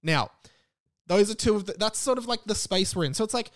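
A man's voice: high voice, lively intonation, brisk, a bit bright. A man, hosting a solo podcast in a rambling, self-deprecating, chatty way. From Australia. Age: 20s. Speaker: podcast host.

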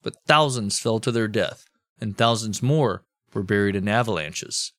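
A man's voice: fairly low pitch, normal speed, a bit bright, dry recording. A man co-hosting a comedy history podcast, narrating events with irreverent, profane asides. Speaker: podcast co-host.

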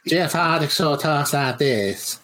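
A man's voice: fairly high pitch, lively intonation, unhurried, noisy background. A man putting on a slurring, drawling Southern male wrestler as a comedy impression on a podcast. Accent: Southern US put-on.

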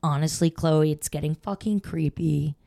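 A young woman comedian, guesting on a podcast, tells rambling, profane stories packed with "like" and swearing in casual chat. Her voice is deep, gravelly and warm, at a normal pace.

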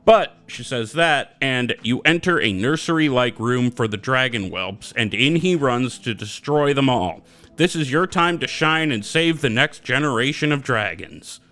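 A man's voice: medium pitch, animated, measured pace, pushed and bright. A man co-hosting a casual gaming podcast, rambling, swearing freely and wandering off on tangents. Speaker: podcast co-host.

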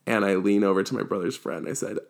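A young man in his twenties chatting casually as a podcast co-host, telling animated stories and imitating people in quotes. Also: lowish voice, fast talker, creaky. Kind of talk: casual chat.

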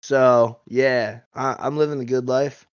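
A man playing a cocky bro skier, smooth-voiced. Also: mid-range voice, fairly even intonation, a little slow, no echo, lo-fi sound, lightly acted. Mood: boastful. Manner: slangy surfer-bro drawl, boastful. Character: dim-witted cocky young male bro skier. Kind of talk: improv comedy character.

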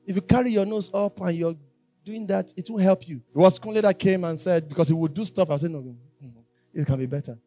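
A male preacher delivering a sermon, emphatic and repetitive, moving between loud exhortation and quiet asides. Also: high-pitched, quick pace, faint music behind.

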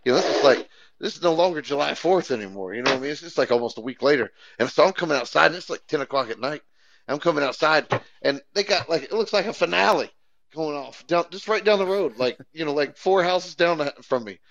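A man's voice: on the high side, lively intonation, fast talker, fairly bright tone. A young man, rambling through profane, laid-back stories as a podcast co-host. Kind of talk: casual chat. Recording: dull lo-fi sound.

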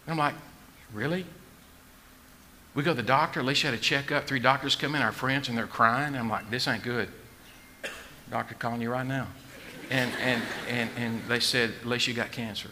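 Folksy preacher man, bright tone. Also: medium pitch, fairly quick, slight background noise. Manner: folksy, joking, swings from quiet to shouting. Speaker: pastor. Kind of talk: sermon.

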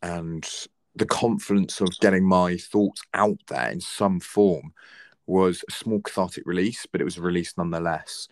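A man's voice: low-pitched, fairly even intonation, moderate pace, no room sound, studio quality. A young man in his twenties talking earnestly and reflectively, giving heartfelt advice in a casual conversation.

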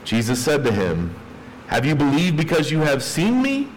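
A man, a pastor, preaching a sermon with emphatic delivery, dropping his voice low on key words. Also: huge pitch swings, normal speed, big-room sound, poor audio.

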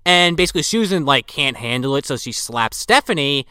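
A man talks through a film's plot in casual, profane banter with friends. His voice is bright and smooth, his pitch swings widely as he acts out lines, and the sound is close and dry. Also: brisk, dry recording. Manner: profane, animated retelling with acted quotes. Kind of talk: casual film discussion.

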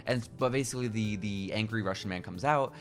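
Casting: young man, podcast co-host, low voice, animated storyteller who acts out lines. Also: a little fast, soft background music. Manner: animated, retells scenes by acting out lines. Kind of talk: casual podcast chat.

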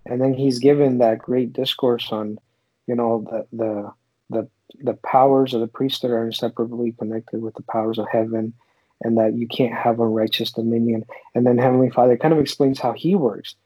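A man's voice: medium pitch, steady tone, moderate pace, dark tone, slightly rough, no echo, low-quality recording. A man speaking earnestly and a little hesitantly in a casual scripture discussion. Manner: earnest, searching, hesitant fillers. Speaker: scripture study discussion participant.

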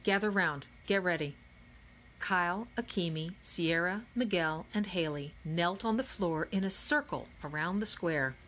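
A woman's voice: on the low side, lively intonation, a little slow, few pauses, fairly bright tone, slight background noise. Woman narrating a children's audiobook. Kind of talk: scripted narration.

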